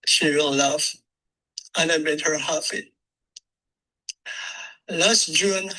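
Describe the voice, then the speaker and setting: Man delivering a personal eulogy: slow, tender, anecdotal, with a bright edge to the voice. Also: fairly high pitch, breathy edge, low-quality recording. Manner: gentle, heartfelt, unhurried storytelling with nonstandard grammar. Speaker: eulogy speaker.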